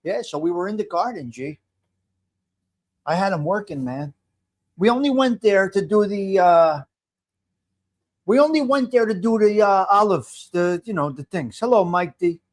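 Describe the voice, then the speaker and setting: A man's voice: high-pitched, animated, moderate pace, pauses often. A man in his fifties hosting a casual live stream, greeting viewers by name and rambling as he restarts his sentences. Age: 50s. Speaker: livestream host. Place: home.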